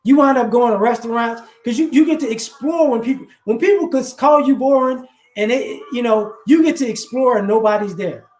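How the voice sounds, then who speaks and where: A man with a very high speaking voice gives casual advice to his viewers. He talks animatedly and plays out both sides of remembered conversations. His voice carries an echoey room sound. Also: a little fast, a little mellow. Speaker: livestream host giving advice.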